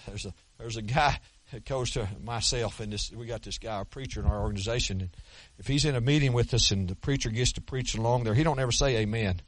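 A man preaching a sermon as pastor, emphatic and folksy, slowing down to stress scripture. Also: medium pitch, dry recording. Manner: folksy, with colloquial asides and repeated words.

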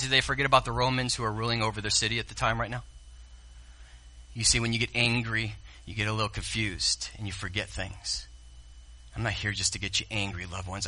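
A man preaching a sermon as pastor, speaking straight to the congregation and swinging from hushed asides to loud exclamations. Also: medium pitch. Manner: addresses the congregation directly.

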